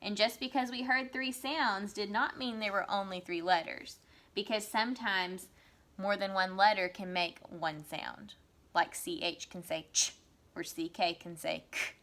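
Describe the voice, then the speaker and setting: A young woman teaching first grade in a recorded remote lesson, sounding words out slowly and encouraging the children. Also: mid-range voice, fairly even intonation, sharp tone. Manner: slow, stretched-out sounding of words; encouraging, reassuring.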